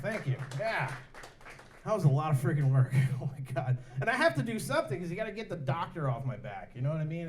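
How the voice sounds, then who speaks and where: High, animated man doing stand-up. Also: a little hiss or hum. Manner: animated, jumps into high-pitched voices for other characters. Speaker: stand-up comedian. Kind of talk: stand-up comedy set. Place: bar and grill comedy night.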